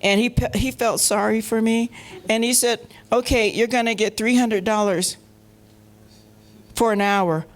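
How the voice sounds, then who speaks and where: A woman from Colorado, a panel guest, telling anecdotes in a lively way, laughing often and acting out the voices of the people she quotes. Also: a little high, a little slow. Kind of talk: anecdotal storytelling. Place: festival panel stage.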